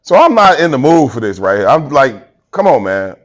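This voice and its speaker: A man's voice: mid-range voice, a little fast. A tired man co-hosting a podcast, telling a story in casual chat and acting out quotes. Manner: animated, acts out quotes, laughs often. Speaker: podcast co-host.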